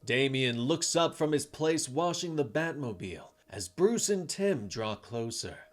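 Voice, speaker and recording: A man narrating a comic story in a dramatic, animated scripted style. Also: mid-range voice, measured pace. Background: faint music.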